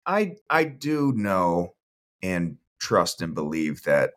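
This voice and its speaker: A man in a couples therapy session who speaks in a calm, low-key way about his partner. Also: takes it slowly. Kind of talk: casual chat.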